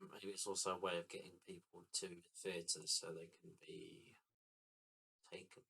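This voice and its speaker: A man's voice: sits low, level tone, normal speed, vocal fry, sharp tone, husky. A man co-hosting a casual film podcast, easygoing and thinking aloud as he tries to recall scenes. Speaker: podcast co-host. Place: recording room.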